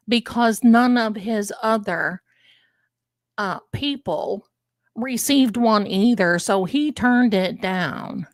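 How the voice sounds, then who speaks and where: A woman's voice: mid-range voice, no room sound. An older woman hosting a live stream, chatting loosely and drifting into personal stories. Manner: chatty, digressive, storytelling asides. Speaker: host of a live tarot and commentary stream. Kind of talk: casual live-stream commentary.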